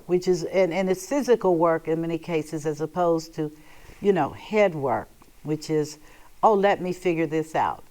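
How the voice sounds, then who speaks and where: A woman's voice: medium pitch, a little mellow. A woman hosting a televised money seminar. She talks bluntly and with emphasis, straight to her viewers, and now and then breaks into theatrical emotional outbursts. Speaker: host giving a financial seminar. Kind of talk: televised financial lecture.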